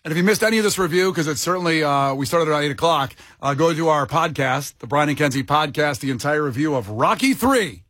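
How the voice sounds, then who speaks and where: A middle-aged man hosting a radio show, bantering in an animated way and quick to riff. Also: fairly high pitch, no echo, clean studio sound.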